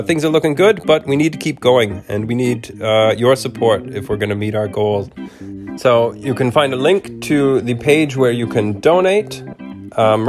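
A man with a cold, hosting a podcast from a home studio and reading a storybook chapter aloud in a relaxed way. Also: mid-range voice. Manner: relaxed, with fillers and soft laughs. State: has a cold. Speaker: podcast host and narrator. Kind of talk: casual appeal and storybook narration.

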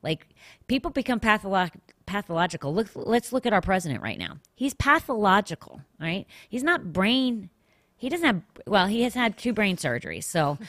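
A woman's voice: mid-range voice, a bit bright, no room sound, clean studio sound. A woman hosting a faith podcast, teaching a Bible passage in an earnest, conversational way with asides and restarts. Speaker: podcast host.

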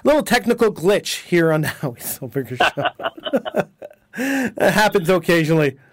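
A man's voice: high voice, big pitch swings, moderate pace, no echo. A man hosting a talk radio show, delivering an emphatic, indignant monologue and often repeating his words.

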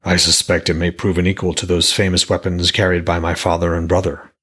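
A man voicing a blind male god who speaks in a restrained, measured way. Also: low voice, little pitch movement, a bit bright, husky, pitched below the performer's own voice. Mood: wondering. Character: Hodr, a blind male god, quiet and wondering.

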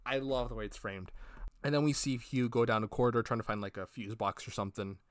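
A man's voice: mid-range voice, fairly even intonation, quick pace, no room sound. Rambling male podcast co-host, dry sound. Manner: rambling, retells scenes acting out characters' lines, swears casually. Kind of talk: casual review chat.

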